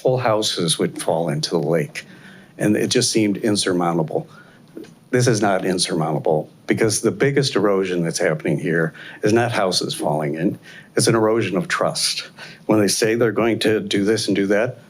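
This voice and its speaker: Older man, blunt halting public comment. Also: sits low, slight background noise. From Ohio. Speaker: resident giving public comment. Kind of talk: public comment at council meeting. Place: council chamber.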